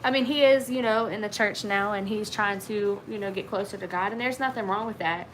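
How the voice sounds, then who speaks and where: Woman, Virginia country accent, livestream host, chatty, mid-pitched, faint background noise. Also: brisk, fairly bright tone, low-quality recording. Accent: Southern US, Virginia. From Virginia, Blue Ridge region. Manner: chatty, many fillers, reads comments aloud. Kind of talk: casual livestream chat reading viewer comments.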